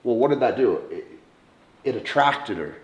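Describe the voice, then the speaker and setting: A man giving dating advice in a slow, deliberate monologue, softly acting out short example lines. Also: medium pitch, lively intonation, dull audio. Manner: slow, deliberate delivery with soft acted-out examples. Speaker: dating coach. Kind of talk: instructional monologue to camera. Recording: echoey room.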